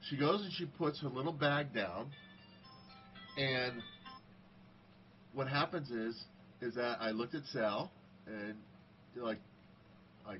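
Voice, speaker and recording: A man's voice: mid-range voice, a little slow, long pauses. Middle-aged man telling casual stories. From United States. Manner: conversational, acts out quoted dialogue. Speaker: speaker sharing personal stories. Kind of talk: casual storytelling monologue. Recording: slightly dull audio, faint background hiss.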